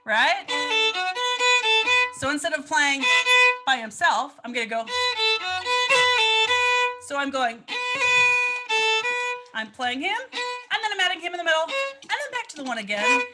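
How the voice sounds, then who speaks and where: A woman's voice: sits high, very animated, unhurried, long pauses, over loud music. A woman teaching fiddle in a casual online lesson, bubbly and chatty with playful asides, heard over a video call.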